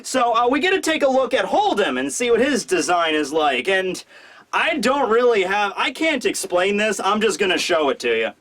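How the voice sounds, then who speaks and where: A man hosting a casual manga review who talks in an animated, rambling way with lots of fillers. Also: high-pitched, normal speed. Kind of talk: casual video commentary.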